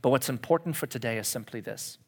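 A man in his forties giving a confessional sermon as pastor, dropping to hushed whispers and rising to loud animated outbursts. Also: mid-range voice, fast, gravelly. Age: 40s.

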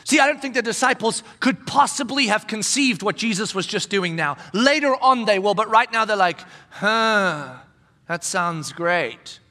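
A male pastor preaching a conversational sermon in an animated way, acting out the voices he quotes. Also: high voice, a little fast, few pauses, long reverb tail.

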